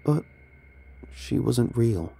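A man narrating a first-person horror story in a hushed, dramatic way. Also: mid-range voice, animated, very slow, creaky, breathy edge.

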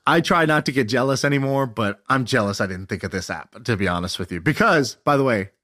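Guy in his 30s chatting on a podcast, lively, acts stuff out, middle pitch. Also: brisk. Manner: animated storyteller, laughs often, acts out quotes. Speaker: podcast co-host. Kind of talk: casual chat.

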